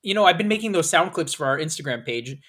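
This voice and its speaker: A man chatting on a casual podcast with a slightly high voice. He talks fast, laughs a lot and swears freely. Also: expressive, fairly bright tone. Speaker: podcast co-host.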